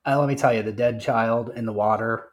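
A man's voice: mid-range voice, fairly even intonation, a little fast. A man co-hosting a podcast in casual film-review chat, blunt and terse, with short profane retorts. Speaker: podcast co-host.

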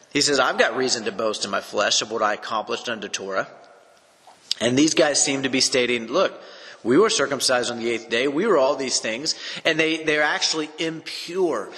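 An earnest man teaching through a Bible chapter in his own unscripted words, pressing his points by repeating them. His voice is bright and forward. It carries a long reverb, as if he speaks in a large room. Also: mid-range voice.

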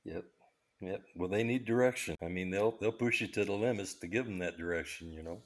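Podcast guest, man, very deep voice, relaxed, short agreeing replies. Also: fairly quick. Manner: laid-back, brief affirmations, chuckles. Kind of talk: casual chat.

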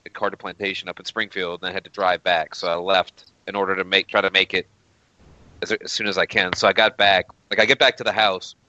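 A man's voice: low voice, little pitch movement, fairly quick, sharp tone, lo-fi sound. A man co-hosting a casual sports podcast, telling rambling stories with many restarts. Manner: rambling storyteller with frequent restarts. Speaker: podcast co-host.

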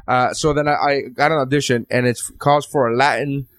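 A man with a Miami accent, hosting a podcast, telling a profane, animated story and acting out the dialogue. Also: mid-range voice, fairly quick, no room sound. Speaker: podcast host. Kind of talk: casual chat, storytelling.

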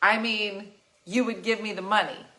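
A woman's voice: mid-range voice, fairly even intonation, moderate pace, bright, forceful tone, lightly acted. A woman acting out her grown daughter, who talks in an insistent, wheedling way.

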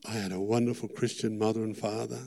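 Fervent Australian preacher in an echoing hall. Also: male voice, fairly low pitch, flat delivery, quick pace, vocal fry. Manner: earnest, fervent, repeating words, rising to loud peaks. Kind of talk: sermon testimony. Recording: long hall reverb.

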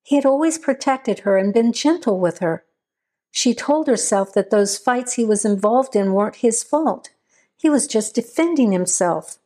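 Woman narrator for a horror audiobook, steady measured delivery, slightly high voice.

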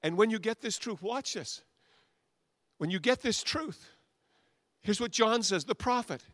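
A male pastor preaching a sermon in a church, animated and talking directly with the congregation. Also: high voice, unhurried, no echo, clean studio sound.

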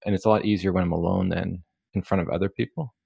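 A man's voice: low voice, fairly even intonation, quick pace, gravelly, warm tone, husky, no echo, studio quality. A man hosting a podcast interview, empathetic and casual, with many fillers. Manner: empathetic, filler-heavy, says like a lot. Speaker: podcast host.

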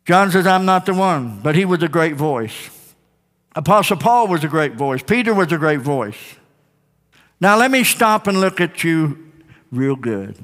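Male preacher, high voice with wide swings, fervent call-and-response delivery, long church echo. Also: very animated, a little slow. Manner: emphatic, rising to shouts, call-and-response with the congregation. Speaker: pastor. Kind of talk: sermon. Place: church sanctuary. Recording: long hall reverb.

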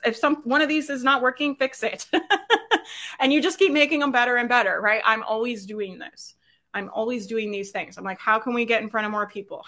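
A woman's voice: medium pitch, bright, forceful tone. A woman business coach giving a live training, upbeat and chatty, laughing often and checking in with "right?".

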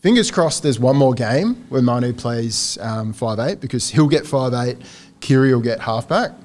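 A man's voice: medium pitch, animated, normal speed, a little mellow. An Australian man co-hosting a podcast, laying out analysis in casual chat and laughing easily. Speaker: podcast co-host.

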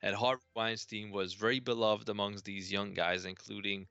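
A man's voice: on the low side, little pitch movement, normal speed, vocal fry, pushed and bright, clean tone, dry recording, highs cut off. A man co-hosting a casual podcast discussion over a video call, blunt and wry, with a profane edge. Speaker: podcast co-host.

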